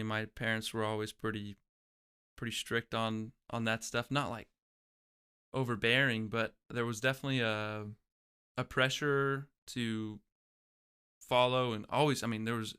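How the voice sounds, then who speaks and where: A man's voice: on the low side, flat delivery, normal speed, pushed and bright, smooth. A young man, a guest in an interview, telling his own story in a reflective way and often restarting his phrases. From Oklahoma, USA. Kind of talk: casual personal storytelling.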